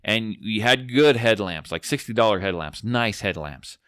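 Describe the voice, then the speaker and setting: A man in his forties with a fairly low voice tells a long story on a podcast, circling back and restarting his sentences. The sound is dry and close, with no room around it. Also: normal speed, clean tone, dry recording. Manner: rambling, animated, restarts often. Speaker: podcast host. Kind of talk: casual storytelling.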